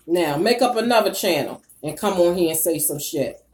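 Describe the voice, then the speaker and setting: A woman hosting a casual live stream, reading the chat and ranting bluntly, with heavy cursing and bursts of loud laughter. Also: fairly low pitch, normal speed. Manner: profane, blunt and animated.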